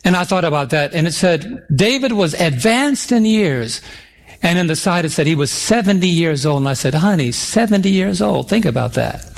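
A middle-aged man preaching a sermon, reading scripture slowly and emphatically and calling for responses from the congregation. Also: sits high, expressive, gravelly. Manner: calls for audience responses.

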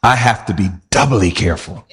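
A man's voice: on the low side, brisk. A man preaching a sermon, asking his listeners rhetorical questions.

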